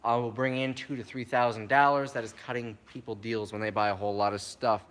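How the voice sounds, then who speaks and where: A man casually answering viewer questions on a live stream, chatty and relaxed, reading each question aloud before he answers. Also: medium pitch, brisk.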